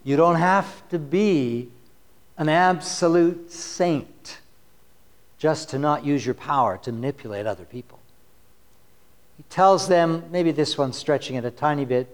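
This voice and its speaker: A man preaching a sermon, conversational and wry, reading scripture passages with rising force. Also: on the high side. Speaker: pastor.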